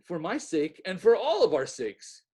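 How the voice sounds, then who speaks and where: A man doing a loud, jolly young joker from a storybook reading, booming and hearty, full of mockery and cheer. The voice pitches up high and swings widely, roaring out lines and crowing off-key songs. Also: sing-song, normal speed, breathy edge, exaggerated voice. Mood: boisterous.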